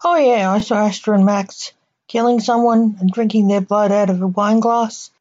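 A woman's voice: mid-range voice, fairly even intonation, normal speed, a little mellow, close to an everyday voice. A woman voicing a cheeky young female apprentice, blunt and offhand, on a dull lo-fi recording.

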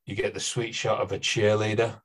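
Male podcast co-host, lower pitch, relaxed explainer with fillers. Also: a little fast, breathy edge. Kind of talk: casual chat.

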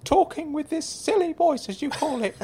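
A man voicing a grown man with a squeaky, high-pitched silly voice in an audio sitcom, mild and stammering. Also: lively intonation, normal speed, mellow, a little hiss or hum. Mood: egging on. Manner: mild, stammering, good-natured.

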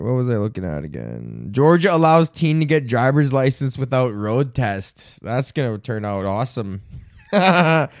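A man's voice: medium pitch, animated, a little slow, no room sound, studio quality. A young man hosting a comedy podcast, ranting casually with lots of swearing and laughter. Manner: profane, laughing, jumps into silly mock British voices. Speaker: podcast host.

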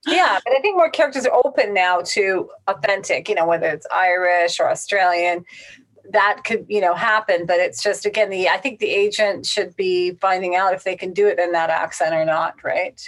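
A woman's voice: lowish voice, moderate pace. A woman and casting director in a casual interview, talking bluntly and directly. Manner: blunt, straight-shooting.

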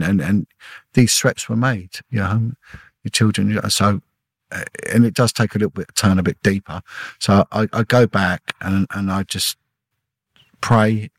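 A middle-aged man, a former detective, telling an emotional personal story in a halting way, repeating words and acting out what people said. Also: lowish voice, no echo. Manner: halting, repeats words, acts out quoted dialogue. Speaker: podcast guest, former police detective.

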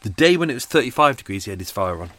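A man's voice: mid-range voice, sing-song, racing, a bit bright. A man with a London accent chatting casually on his boat while making coffee, rambling and swearing with self-mocking asides. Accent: London English. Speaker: vlogger living on a boat.

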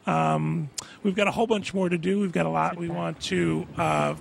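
A man hosting a podcast in a relaxed, chatty way, steering the conversation between guests. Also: a little high, normal speed, gravelly, a little hiss or hum. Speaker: podcast host. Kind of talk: casual chat.

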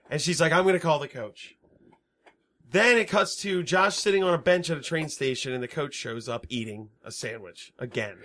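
A man co-hosting a casual chat, recapping a movie in an animated way, laughing often and acting out the scenes with quoted lines. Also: fairly high pitch. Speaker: podcast co-host.

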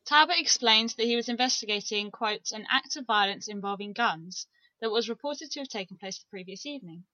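A woman's voice: mid-range voice, brisk, pushed and bright, no room sound, highs cut off. A woman co-hosting a casual true crime podcast, chatty and giggly as she reads through case notes. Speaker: podcast co-host.

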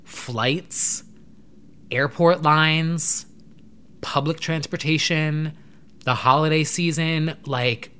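Young man, casual vlog chat, rambling and animated, somewhat high-pitched voice. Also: very slow, long pauses, smooth. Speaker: vlogger.

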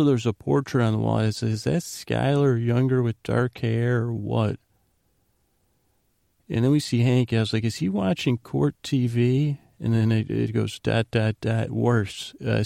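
A man with a deep, heavily gravelly voice drifts through a rambling retelling for a bedtime podcast. His delivery stays flat and mellow, barely rising or falling. The sound is dry and close, with no room around it. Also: moderate pace, no room sound. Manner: meandering, retells scenes with loose quoted dialogue. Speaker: podcast host. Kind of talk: rambling sleepy recap.

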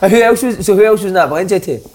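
A man with a Scottish accent hosting a casual football podcast, enthusiastic and quick to react. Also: high voice, darkish tone. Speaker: podcast host. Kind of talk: casual chat.

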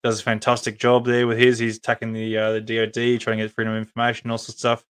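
A man with an Australian accent hosts a casual live-stream chat and talks to his viewers as he goes. His voice is smooth and clean, and he stays in a narrow, even pitch range. He rambles along with plenty of ums and false starts. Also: fast talker. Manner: rambling, many ums and restarts. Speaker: podcast host.

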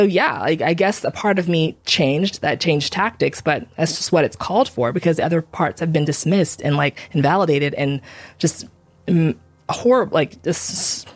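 In a dry recording, a woman with a low voice recounts a painful personal experience in an intense monologue. She often repeats herself and acts out what other people said to her. She hosts a podcast about abuse in the church.

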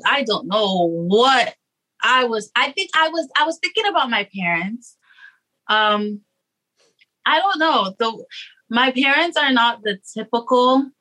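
A young woman singer talks with a guest's easy, unhurried pace. Her voice is bright and forward, slightly high. She stumbles and restarts often, filling gaps as she gathers her thoughts. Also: rough recording. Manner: hesitant, many restarts and fillers. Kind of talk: casual interview chat.

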